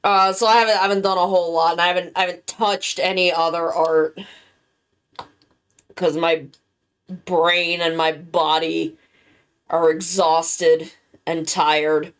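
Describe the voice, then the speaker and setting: A worn-out woman chatting casually with her live-stream viewers, halting and rambling as she recovers from being sick. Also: lowish voice, flat delivery, smooth. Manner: rambling, halting, with many restarts. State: worn-out and tired, recovering from illness.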